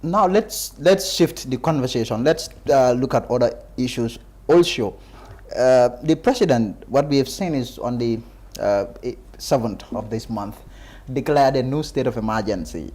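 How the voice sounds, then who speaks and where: Measured male interviewer. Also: mid-range voice, a little mellow. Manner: measured, probing, cautionary. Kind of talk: live interview.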